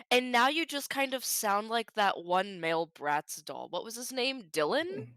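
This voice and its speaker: A woman's voice: fairly high pitch, very animated, measured pace, a bit bright, clear, resonant tone. A woman with a sinus cold, chatting and teasing friends, often laughing and exasperated. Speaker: tabletop game player. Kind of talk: casual pre-game chat.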